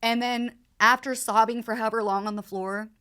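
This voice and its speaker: A woman in her thirties, a podcast guest, telling an emotional personal story in halting bursts, full of fillers and repeated words. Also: on the high side, steady tone, bright, forceful tone, clear, resonant tone.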